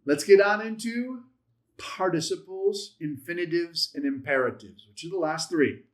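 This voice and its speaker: A man teaching a Hebrew grammar class at a church, stressing key words with sudden loud and soft swings and acting out quoted lines. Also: lively intonation, normal speed. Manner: acts out quotes with rising pitch.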